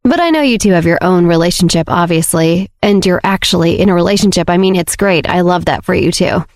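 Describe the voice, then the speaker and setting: A woman's voice: on the low side, fairly quick, no room sound, clean studio sound, lightly acted. A woman voicing a nervous, awkward young man who stammers and rambles, in an audiobook. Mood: flustered. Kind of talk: audiobook character voice.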